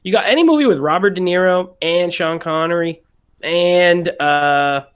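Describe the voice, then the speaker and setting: A man's voice: sits high, normal speed, fairly bright tone, clear, resonant tone. Talkative man explaining his picks. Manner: explains opinions at length, thinking aloud. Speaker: podcast co-host. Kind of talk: casual chat.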